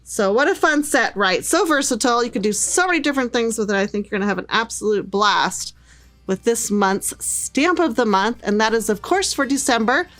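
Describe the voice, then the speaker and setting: A woman's voice: a little high, expressive, a little fast, a bit bright, soft background music. A middle-aged woman demonstrating craft stamps with a bubbly, gushing manner. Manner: bubbly and gushing, lots of "little" and "cute". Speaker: craft product presenter. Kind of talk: product demonstration.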